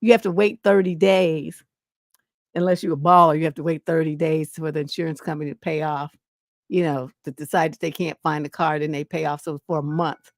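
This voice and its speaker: A woman tells stories on a livestream, blunt and profane with a gravelly edge. Her voice sits close and dry, with no room around it. She talks in a lively, animated way. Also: low voice, a little fast, no echo. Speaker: relationship coach, live stream host. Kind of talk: casual livestream storytelling.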